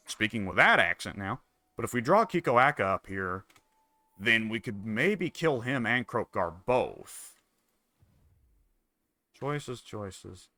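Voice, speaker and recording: Wry, bright-voiced man musing over a game. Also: on the low side, animated, slow pace, pauses often, dry recording. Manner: musing, wry, mutters to himself. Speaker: gameplay commentator. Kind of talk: casual strategy game commentary.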